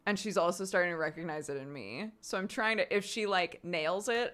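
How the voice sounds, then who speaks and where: A woman's voice: fairly low pitch, a little fast, few pauses. A woman in her thirties hosting a live stream, chatting candidly and laughing at herself. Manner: candid and self-mocking, laughs often, acts out loud exasperated outbursts. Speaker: streamer host. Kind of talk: casual chat to a live stream audience.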